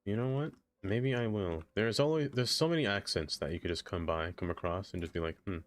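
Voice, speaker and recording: A man's voice: fairly low pitch, expressive, fairly quick, soft background music. A man streaming a game, chatting casually, laughing often and talking to the objects he builds. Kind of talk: casual live-stream chat.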